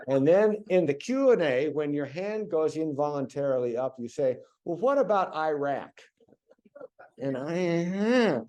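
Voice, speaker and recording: American man, middle-aged professor, lively, warm and mellow delivery in a chatty public lecture. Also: on the high side. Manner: chatty, animated when coaching pronunciation. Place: lecture venue.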